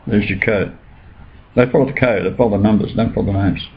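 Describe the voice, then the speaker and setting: A man's voice: on the low side, quick pace. A man talking in a rambling, insistent way during a casual conversation. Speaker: speaker with religious claims. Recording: dull lo-fi recording with faint noise.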